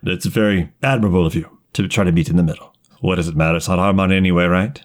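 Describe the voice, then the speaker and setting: A man voicing a smooth-talking cartel negotiator, overly polite and halting, in a lower voice than his own. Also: huge pitch swings, full character voice. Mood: smarmy.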